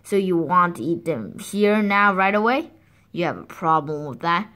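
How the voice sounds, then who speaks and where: A woman voicing a gruff, impatient big male wolf in a storybook reading, speaking slowly and threateningly. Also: lively intonation, sharp tone. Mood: menacing. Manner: slow, low and threatening.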